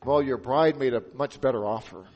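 Man doing a stern pastor reading out strict vows slowly and gravely. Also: medium pitch, a little mellow, dull audio, voice pushed down, close to an everyday voice. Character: stern wedding pastor testing the groom.

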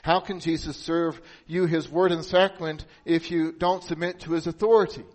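Male pastor preaching, slightly high voice, earnest with quiet solemn stretches. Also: fairly even intonation, normal speed, poor audio. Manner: earnest, dropping to hushed solemn emphasis. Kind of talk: sermon.

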